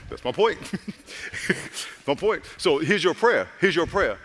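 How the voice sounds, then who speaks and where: Preaching pastor with hall reverb. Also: male voice, on the high side, very animated, takes it slowly, long pauses, fairly bright tone. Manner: preaching with humor and audience call-outs, voicing characters. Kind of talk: sermon.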